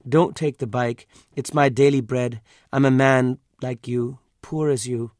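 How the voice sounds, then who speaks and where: A man's voice: medium pitch, steady tone, a little slow, darkish tone, no echo, studio quality, natural voice. A man voicing a poor, desperate male electrician who pleads with a robber, in an audiobook reading. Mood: pleading. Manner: pleading, raw.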